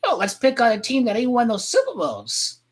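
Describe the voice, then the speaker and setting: A woman vlogger ranting crudely about football, rambling and heated, with sudden shouting outbursts. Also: on the high side, wildly swooping pitch, fairly quick, breathy edge. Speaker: sports fan vlogger. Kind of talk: profane football rant.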